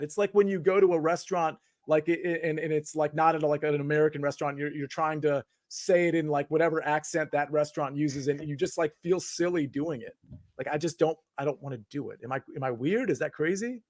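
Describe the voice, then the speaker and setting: A man's voice: fairly high pitch, brisk, a little mellow, no room sound, studio quality. A man hosting a casual live sports chat, rambling with many filler words and restarts. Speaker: podcast host.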